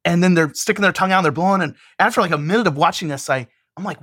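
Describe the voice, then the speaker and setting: A middle-aged man, a university administrator, telling lively stories in a casual chat and laughing often. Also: sits high, very fast, hardly any pauses, slightly rough, dry recording, clean studio sound. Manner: animated storyteller, laughs often. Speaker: university student affairs administrator.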